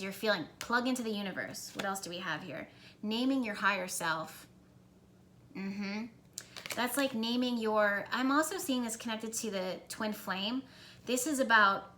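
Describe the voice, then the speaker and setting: Bright-voiced woman giving a tarot reading. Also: medium pitch. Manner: earnest, encouraging, rambling with restarts. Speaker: tarot reader. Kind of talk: casual spiritual tarot reading.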